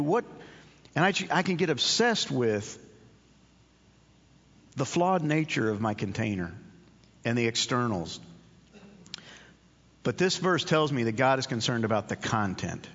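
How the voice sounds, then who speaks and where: A man's voice: on the high side, sing-song, moderate pace, fairly bright tone. A man preaching a sermon in an earnest, conversational way, often repeating his key phrases. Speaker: pastor. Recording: dull audio with long hall reverb.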